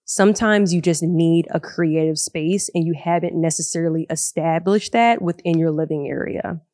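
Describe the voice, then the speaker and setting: A woman's voice: deep voice, moderate pace, no echo, studio quality. A young woman hosting her own podcast, talking casually and with animation from her living room and laughing now and then. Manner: chatty and animated, laughs often. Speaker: podcast host. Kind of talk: solo podcast talk. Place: living room of a large loft apartment. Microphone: podcast microphone.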